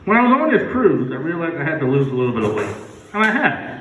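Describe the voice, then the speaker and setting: A man doing a stand-up comedy set at a campground, playfully spelling words out loud for laughs. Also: on the high side, wildly swooping pitch, quick pace, a little hiss or hum. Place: outdoor campground stage. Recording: echoey, distant, muffled live recording.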